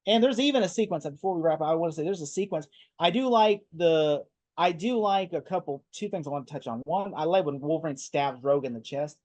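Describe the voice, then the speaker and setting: A man co-hosting a casual movie talk, excitedly retelling scenes in a rambling way. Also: on the high side, fast. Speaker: podcast co-host.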